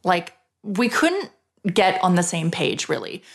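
A woman's voice: fairly low pitch, sing-song, a little slow. A woman hosting a podcast, telling a personal story in a frank, chatty way, swearing freely and filling her talk with "like". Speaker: podcast host.

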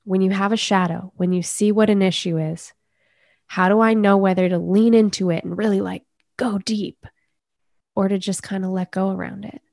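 A woman coach speaking as a podcast guest, earnest and measured as she talks about inner healing. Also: medium pitch, fairly even intonation, creaky, a little mellow, no room sound, clean studio sound. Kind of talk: reflective conversational interview.

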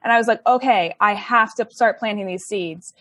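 A woman's voice: mid-range voice, moderate pace, bright, forceful tone, no room sound. A young woman telling her story in a chatty, casual way, with many likes and ums and laughs between phrases. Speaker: interview guest.

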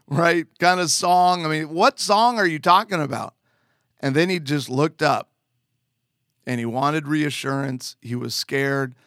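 Earnest guy telling his testimony like he's chatting, voice a bit on the high side. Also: sharp tone, no room sound, clean studio sound. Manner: earnest, conversational, with emphatic asides. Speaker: father giving a testimony. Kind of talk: personal testimony storytelling.

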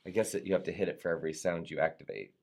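A man's voice: sits low, very fast, gravelly, darkish tone. A man hosting a live show, reading viewer comments in an upbeat, playful way and sometimes tripping over words. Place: Atlanta area.

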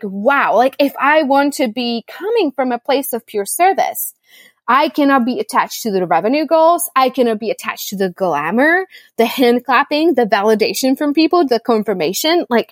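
Woman podcast guest, middle-aged coach, lively storyteller with a slightly high voice, close and dry. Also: moderate pace, no room sound. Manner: animated storyteller, acts out her own reactions. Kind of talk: casual conversational interview. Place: home in Costa Rica during rainy season.

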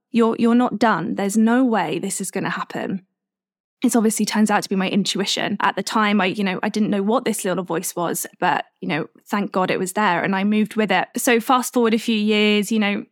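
A woman in her twenties hosting a podcast, telling a personal story in a candid, reflective, unhurried way. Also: mid-range voice, no echo, studio quality. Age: 20s. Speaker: podcast host.

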